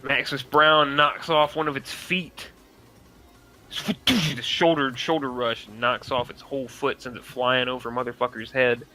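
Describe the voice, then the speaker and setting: A man running a tabletop game as game master, animated and swearing often. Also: mid-range voice, normal speed, faint music behind, poor audio. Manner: animated, profane, excitable.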